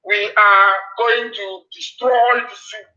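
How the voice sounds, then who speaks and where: Male broadcaster, high tense voice, repetitive threatening delivery, lo-fi sound. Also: fairly even intonation, takes it slowly. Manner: forceful, repetitive warnings. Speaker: political broadcaster. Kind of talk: fiery live radio address. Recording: dull lo-fi broadcast audio.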